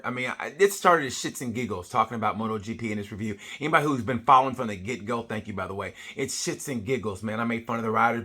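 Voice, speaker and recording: A man's voice: on the low side, bright, forceful tone. A middle-aged man giving a casual comedic race review, blunt, profane and rambling. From United States. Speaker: motorsport vlogger.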